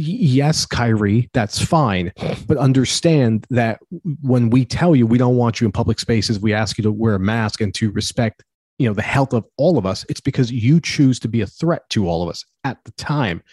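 A man's voice: medium pitch, a little mellow, husky, dry recording. A man co-hosting a podcast, making an emphatic, argumentative point in casual chat. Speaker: podcast co-host.

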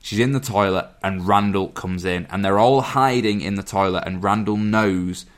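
Low-voiced man recapping a film. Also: moderate pace. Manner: retells plot at length, stumbles over words. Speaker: podcast co-host. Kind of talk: casual film discussion.

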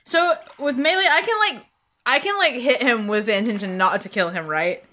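A woman's voice: on the high side, moderate pace, sharp tone. A woman playing a tabletop game, chatting casually and giggling often. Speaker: player.

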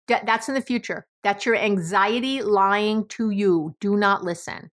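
A woman's voice: mid-range voice, a little slow, few pauses. A middle-aged woman from New York with a New York accent, hosting a podcast in a blunt, emphatic monologue and swearing freely. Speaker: podcast host.

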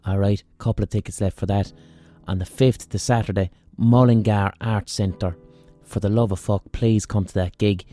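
A man's voice: lowish voice, fairly even intonation, normal speed, hardly any pauses, warm tone, soft background music. An Irish man hosting a podcast, telling a rambling, profane, self-mocking story in a casual monologue. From Ireland. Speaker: podcast host.

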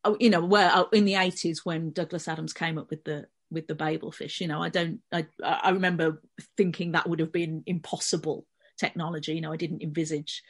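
A middle-aged woman with a Birmingham accent, her voice sitting on the lower side. She talks in a relaxed, conversational way, explaining things at length as a guest on a podcast panel. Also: a little fast, husky. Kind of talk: casual podcast discussion.

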